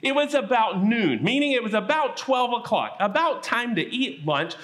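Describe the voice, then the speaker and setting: A man telling a Bible story at a children's church service, animated and asking the kids questions. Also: very high-pitched, moderate pace.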